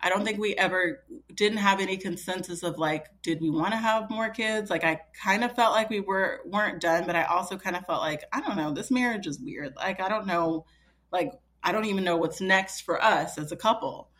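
A woman's voice: mid-range voice, moderate pace, a bit bright. A woman in her thirties, a podcast guest telling a personal story in a chatty way, full of fillers and quoting herself. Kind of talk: casual storytelling.

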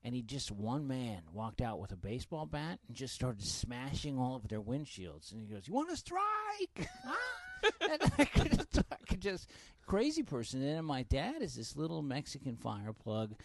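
A man, a stand-up comedian, telling stories in a podcast chat with heavy swearing and loud acted-out quotes. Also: mid-range voice, normal speed, hardly any pauses. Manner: animated, profane, acts out quotes loudly.

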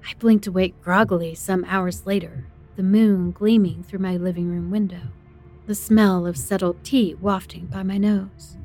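A woman's voice: mid-range voice, steady tone, normal speed, a little mellow, soft background music. Woman narrating a tense horror story. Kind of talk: first-person horror narration.

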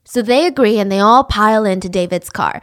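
A woman hosting a podcast, telling a true-crime story in a casual, animated way and acting out the people in it. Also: mid-range voice, fairly quick. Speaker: podcast host.

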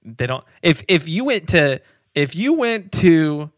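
A man in casual podcast banter who keeps laughing and insists on his side. His pitch moves freely up and down. He talks loosely and repeats himself as he argues. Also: sing-song, a little slow, dry recording, studio quality. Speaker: podcast co-host.

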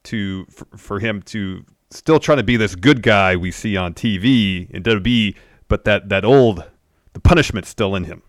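Male co-host, very low voice, dry sound, plain steady recap delivery. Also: normal speed, no echo. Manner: steady recap, then opinions. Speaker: podcast co-host. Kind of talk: casual wrestling recap.

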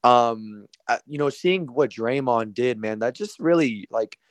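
A man calling in to a sports radio show, talking in halting, restarting bursts. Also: mid-range voice, animated, no echo. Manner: halting, full of restarts and fillers. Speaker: caller. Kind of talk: casual call-in chat.

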